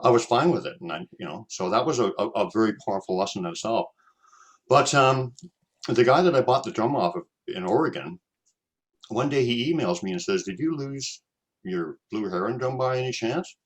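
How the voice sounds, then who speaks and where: A man's voice: on the low side, lively intonation, brisk. A Canadian man hosting a casual chat, telling a personal story in a rambling way, with repeated words and many fillers.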